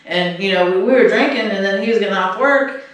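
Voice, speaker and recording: A man's voice: high voice, fast talker, a bit bright. A man co-hosting a podcast, telling a story casually, rambling and swearing with lots of fillers. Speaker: podcast co-host. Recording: echoey room, distant mic.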